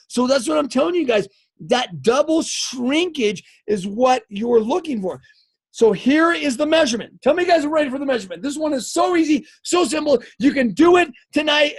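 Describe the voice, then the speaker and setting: Man, fitness coach, live-stream pep talk, very high voice, punchy and repetitive. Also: slightly rough. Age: adult, married eighteen years. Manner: energetic and emphatic, repeats words, often asks "okay?".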